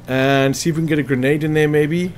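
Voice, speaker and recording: A man's voice: a little high, steady tone, fast. Man thinking aloud over gameplay. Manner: chatty, thinks aloud, counts hit percentages. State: hiccuping after lunch. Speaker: gameplay commentator. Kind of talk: casual game walkthrough commentary.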